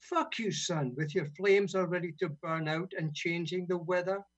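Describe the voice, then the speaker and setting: A man from Britain reading his own poems on community radio, relaxed and wry between blunt, sweary verses. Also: sits high, normal speed. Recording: dull lo-fi radio sound.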